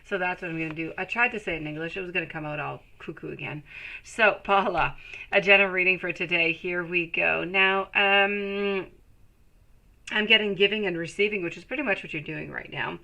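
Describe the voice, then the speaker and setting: A woman's voice: lowish voice, fairly quick, vocal fry, bright, forceful tone, low-quality recording. A woman giving a live-streamed tarot reading, chatting with viewers and calling them sweetie as she reads the cards. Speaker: tarot reader.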